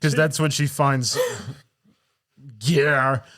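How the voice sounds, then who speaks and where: A man's voice: medium pitch, steady tone, very slow, a bit bright. A man co-hosting a podcast, casually retelling film scenes and acting out the characters' lines with laughs. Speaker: podcast co-host. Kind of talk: casual film review chat.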